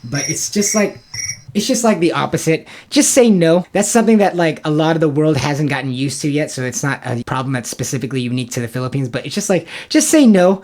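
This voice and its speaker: A man's voice: fairly high pitch, quick pace. A man recapping a family trip to the camera in a casual, rambling way, full of fillers and exasperated asides. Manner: rambling, filler-heavy storytelling with lots of "like" and "dude"; ranting and exasperated. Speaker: vlogger.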